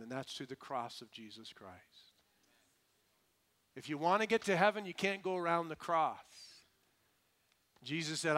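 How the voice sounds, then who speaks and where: A man preaching a sermon, his voice rising to emphatic peaks and then dropping to hushed, low lines.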